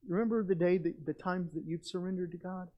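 A man preaching a sermon as pastor, earnest and conversational, with animated asides. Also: sits high, brisk. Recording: dull lo-fi recording.

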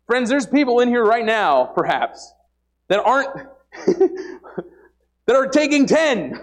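A young man preaches to a church congregation with a high voice that swings widely up and down. He talks in an earnest, emphatic way, often repeating words and using "like" as a filler. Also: sing-song, unhurried, pauses often. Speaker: lay preacher. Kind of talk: informal sermon. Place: church service before a congregation.

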